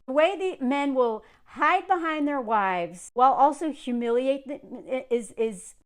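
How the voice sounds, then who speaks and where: A woman in her thirties rants in a casual commentary vlog, her high voice full of sarcasm. She rambles, restarts, and leans on fillers as she talks. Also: animated, unhurried, clean tone. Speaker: commentary creator.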